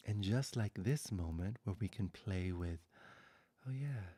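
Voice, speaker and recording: A man giving a spiritual satsang talk, speaking softly and slowly, often half-whispered, with long pauses. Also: low voice, expressive. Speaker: spiritual teacher.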